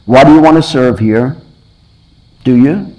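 A man's voice: mid-range voice, measured pace, darkish tone, low-quality recording. A middle-aged man preaching a sermon, asking his listeners earnest questions and often repeating or restarting his phrases.

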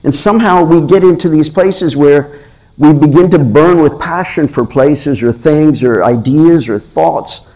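A man's voice: fairly high pitch, mellow, rough recording. A middle-aged man preaching a sermon, asking his listeners earnest questions and often repeating or restarting his phrases.

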